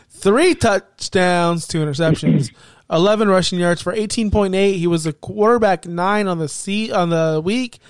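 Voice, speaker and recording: A man's voice: high-pitched, no echo. A man co-hosting a casual sports chat, reeling off stats and needling his partner. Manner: teasing, stat-heavy, needling. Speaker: podcast co-host.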